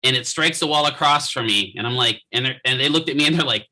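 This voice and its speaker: The recording is rough, and the man's mid-range voice comes across quick and sharp. He's giving a physical therapy lecture to students from his office, joking around, telling anecdotes, and constantly asking rhetorical questions to check in.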